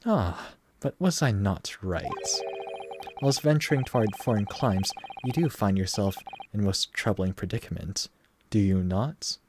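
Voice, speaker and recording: A man's voice: fairly low pitch, lively intonation, a little slow, noisy background. A man doing a pompous famous detective. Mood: grandiose. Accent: attempted British slipping into Southern US. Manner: grandiose, theatrical, over-confident. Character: pompous self-proclaimed great male detective. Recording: game music underneath.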